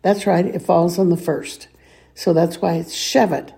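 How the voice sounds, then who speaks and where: Slow, patient woman teaching reading. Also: lowish voice, level tone, warm tone. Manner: patient, clears throat often, sounds words out slowly. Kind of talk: slow reading lesson with repeat-after-me drills.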